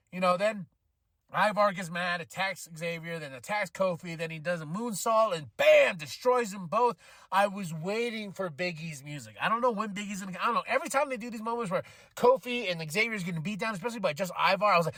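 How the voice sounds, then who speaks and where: Animated man recapping wrestling. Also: high voice, fairly quick, no room sound. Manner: animated, acts out quotes with laughs and profanity. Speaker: podcast host recapping wrestling. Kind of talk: casual show recap.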